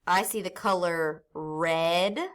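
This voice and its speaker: A woman teaching a phonics lesson to young children, stretching words out and sounding them slowly. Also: fairly low pitch, fairly even intonation, a bit bright. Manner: slow, sing-song teacher talk, stretching out words and sounds.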